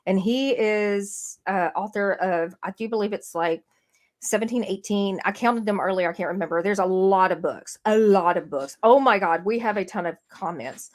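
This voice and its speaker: A woman's voice: medium pitch, moderate pace. A woman co-hosting a true-crime podcast, recapping a case in a rambling way with many fillers and restarts. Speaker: podcast co-host. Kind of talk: casual true-crime chat. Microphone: streamed podcast mic.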